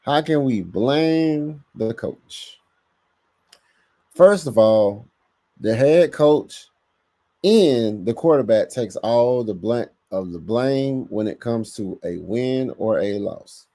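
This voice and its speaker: A man hosting a casual live sports podcast, reading the chat aloud and talking back to it with lively bursts of emphasis. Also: on the low side, slow. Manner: animated, talks to chat, bursts of louder emphasis.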